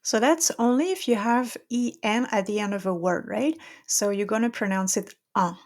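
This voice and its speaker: A woman's voice: medium pitch, normal speed. A woman with a French accent, a French teacher giving a patient pronunciation lesson who checks in often with "okay?".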